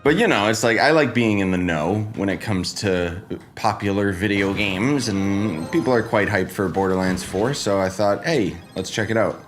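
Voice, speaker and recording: Fresh out of bed and congested, a man streams a game live from his home setup with a green screen, rambling in a laid-back way and greeting viewers by name. His voice sits fairly low, moving at a normal speed with few pauses, and faint music plays behind him.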